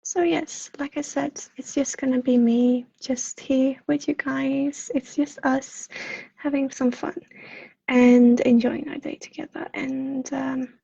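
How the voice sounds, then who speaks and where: A high-voiced woman with a Swedish accent talks to her livestream viewers as a psychic counselor. Her delivery is flat and mellow with a husky edge, soft-spoken and apologetic, halting on fillers. The sound is dull and lo-fi, as from a home livestream. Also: no echo. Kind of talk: casual livestream chat.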